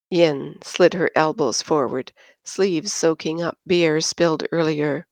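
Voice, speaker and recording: A woman reads an audiobook slowly and evenly in a lowish voice. The recording is close and dry, with no room sound. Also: darkish tone, no room sound. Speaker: audiobook narrator. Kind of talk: audiobook narration.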